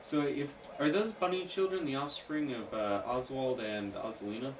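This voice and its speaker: A man's voice: mid-range voice, moderate pace. Joking man in noisy echoey game chat. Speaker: gamer playing the game. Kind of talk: casual let's-play chat. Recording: echoey, distant mic, noisy background.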